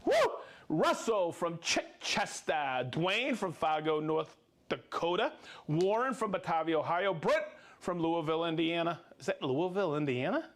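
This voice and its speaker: An upbeat American man hosting a live stream, chatting casually and joking. His voice sits fairly high for a man. He rattles off names with easy energy. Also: animated, a little slow. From United States. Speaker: livestream host.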